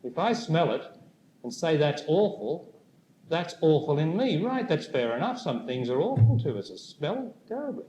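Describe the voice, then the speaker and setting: A man giving a spiritual talk to a live audience, speaking slowly and deliberately and putting questions to the listeners. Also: on the high side, very animated, warm tone. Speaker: spiritual teacher. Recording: echoey room with faint noise.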